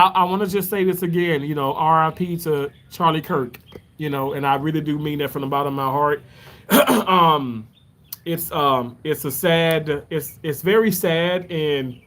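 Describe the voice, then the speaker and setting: High-voiced man rambling warmly to his chat. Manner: rambling, heartfelt, repeats his thanks often. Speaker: livestreamer answering chat. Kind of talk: casual live stream chat.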